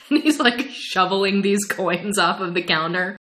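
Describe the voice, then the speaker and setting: Animated woman telling a funny story. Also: mid-range voice, measured pace. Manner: animated, laughs often, acts out quotes. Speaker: podcast co-host. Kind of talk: casual storytelling.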